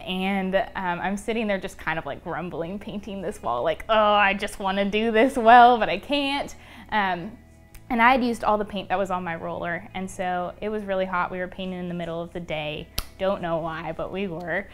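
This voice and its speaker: A woman's voice: lowish voice, moderate pace. A young woman being interviewed, telling a personal story in a casual, chatty way, full of "um" and "like". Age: young adult. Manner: chatty, many fillers like "um" and "like". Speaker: interview guest.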